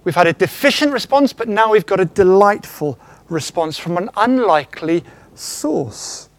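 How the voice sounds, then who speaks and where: A man's voice: high-pitched, moderate pace. A man preaching a sermon, acting out quotes and asking the congregation questions. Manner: animated, acts out quotes, asks the congregation questions. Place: church.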